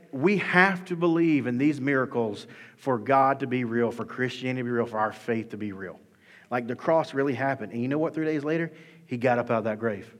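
Animated preacher in a reverberant hall. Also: male voice, medium pitch. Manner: animated, conversational preaching with bursts of emphasis. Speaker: pastor. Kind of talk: sermon. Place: church sanctuary.

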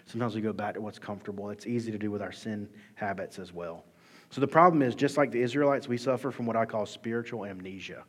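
Husky-voiced male pastor in an echoing hall. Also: fairly low pitch, quick pace. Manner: conversational, acts out quoted voices with humor. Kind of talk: sermon. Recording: long reverb of a large hall.

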